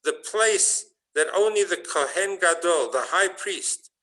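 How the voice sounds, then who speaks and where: A man's voice: high voice, animated, a little slow, sharp tone, voice pushed up, exaggerated voice, poor audio. A man voicing a group of grieving ancient rabbis, anguished and indignant, in a retold story.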